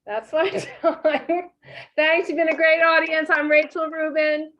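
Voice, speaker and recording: A woman doing stand-up on a comedy stage in a musing, deadpan way. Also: sits high, unhurried. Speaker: stand-up comic. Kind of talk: live stand-up set. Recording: dull lo-fi stage recording.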